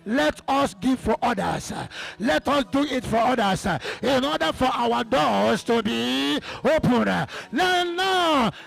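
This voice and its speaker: High-voiced gravelly Nigerian preacher. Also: male voice. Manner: preaching with calls to the congregation and sudden shouts. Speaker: pastor. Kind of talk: sermon.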